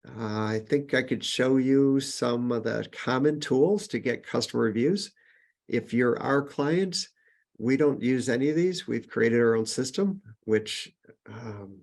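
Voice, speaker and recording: Man presenting a webinar, gravelly voice. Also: mid-range voice. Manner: conversational, with frequent fillers and restarts, upbeat on list points. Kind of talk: casual webinar teaching.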